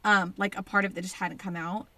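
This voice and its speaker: A woman in her thirties co-hosting a casual chat, an animated storyteller with lots of "like.". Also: mid-range voice, fairly quick, crowd noise. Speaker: podcast co-host.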